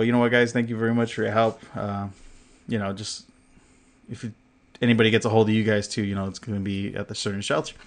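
A man on a podcast spins a long anecdote in loose, casual chat. His voice sits a bit low, and he leans on fillers, swears freely and laughs often. He acts out the lines of the people in the story. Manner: filler-heavy, acts out what others said. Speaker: podcast co-host.

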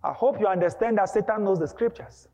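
A male preacher delivering an emphatic, dramatic sermon, breaking into shouts. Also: sits high, fast talker. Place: church hall. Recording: dull lo-fi with long hall reverb.

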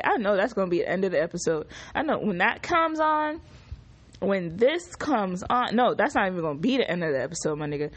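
Animated, swearing woman podcaster. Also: high-pitched, moderate pace. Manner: animated, profane, exclamatory storytelling. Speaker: podcast host. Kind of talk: casual solo podcast recap.

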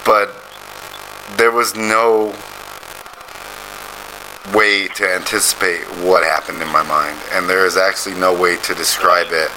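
A man's voice: sits low, fairly even intonation, unhurried, pauses often, noisy background. A man telling a long rambling story in casual podcast chat, swearing freely.

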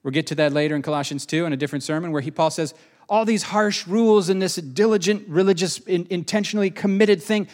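A man's voice: a little high, a little fast. A man preaching a sermon as the pastor of his church, conversational and emphatic, asking rhetorical questions.

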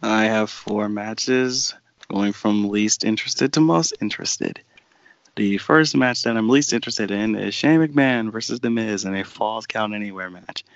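A man's voice: fairly low pitch, a little slow, dry recording, lo-fi sound. A man co-hosting a wrestling podcast, casual and wry, laying out his picks in order. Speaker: podcast co-host. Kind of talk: casual chat.

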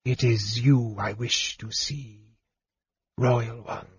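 A man's voice: medium pitch, steady tone, a little slow, slightly rough, no echo, muffled recording. Man doing a whispering reptilian messenger. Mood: secretive. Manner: whispers softly.

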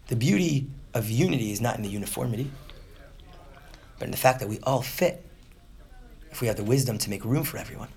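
A man in his thirties teaching a class on Jewish texts, who keeps checking in with "right?" and acts out short voices. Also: mid-range voice. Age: 30s. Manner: animated, often asks "right?", acts out quick voices. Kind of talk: lively lecture to a class.

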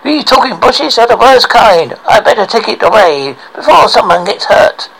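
Man voicing a burly woodcutter, blunt, firm, fair-minded, slightly raised voice, gravelly. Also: high voice, big pitch swings, normal speed, fairly bright tone, voice pushed up, heavily acted, low-quality recording. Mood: grumbling.

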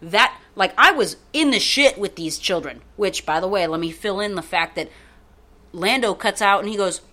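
A woman's voice: mid-range voice, normal speed. A woman co-hosting a podcast, rambling through a story in casual chat and swearing freely. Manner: profane, rambling, animated. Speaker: podcast co-host.

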